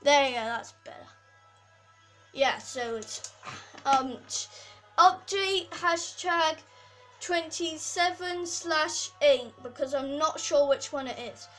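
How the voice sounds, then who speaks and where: Preteen girl, channel host, high-pitched, slow delivery, apologetic, filler-heavy casual update. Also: a bit bright, soft background music, poor audio. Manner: rambling, apologetic, full of fillers. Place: bedroom at home.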